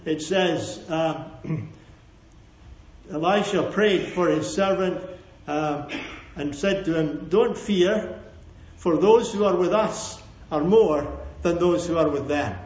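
Male preacher, high voice, emphatic repeated lines and calls for amen; roomy lo-fi church recording. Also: slow, darkish tone. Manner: emphatic, repeats key phrases, asks the congregation for amens. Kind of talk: sermon. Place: church hall with a congregation. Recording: echoey, dull lo-fi sermon recording.

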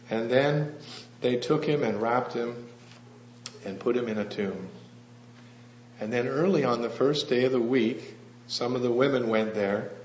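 A man preaching a sermon in a church hall, telling the story gently and asking the congregation questions. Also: medium pitch. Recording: echoey, slightly dull room with faint hum.

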